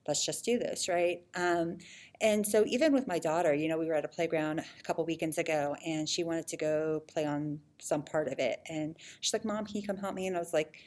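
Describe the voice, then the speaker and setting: A woman in her thirties speaks to parents in a casual video update for a children's ministry. Her voice sits a little low, and she chats along loosely with plenty of fillers and frequent laughs. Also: darkish tone. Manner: chatty, laughs often, many fillers.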